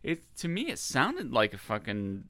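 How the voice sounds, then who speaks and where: A man's voice: medium pitch, normal speed, dry recording. A man co-hosting a podcast, chatting casually and animatedly, swearing often. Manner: animated, swears, laughs between remarks. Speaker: podcast co-host. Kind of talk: casual chat.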